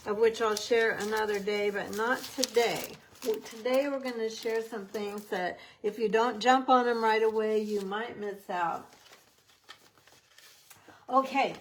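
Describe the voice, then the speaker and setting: A woman's voice: medium pitch, slight background noise, rough recording. A woman giving a casual, upbeat craft tutorial, chatting as she works with her hands. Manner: chatty, upbeat, talks while working with hands. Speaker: papercraft demonstrator.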